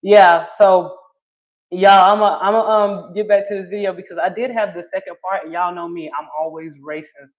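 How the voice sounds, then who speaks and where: A woman's voice: lowish voice, fairly even intonation, moderate pace. Laughing woman streamer. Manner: laughs often, chatty, answers viewer comments. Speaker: livestream host reading chat. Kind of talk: casual opinion chat. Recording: dull lo-fi stream audio.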